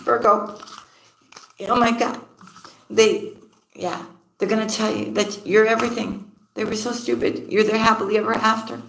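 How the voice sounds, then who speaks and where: A woman's voice: on the high side, fairly even intonation, normal speed, vocal fry, long pauses. A woman giving a casual tarot reading, laughing often and repeating her phrases. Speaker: tarot card reader. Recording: roomy echoey room.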